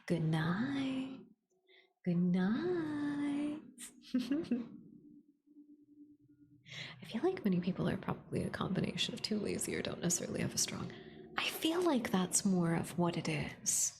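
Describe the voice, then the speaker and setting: A young woman streamer talks with her chat in a low, gravelly voice that keeps slipping into soft, breathy whispers close to the mic. She is chatty and bubbly, gasping with excitement and thanking viewers as she goes, over a faint hiss of background noise. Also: moderate pace, long pauses.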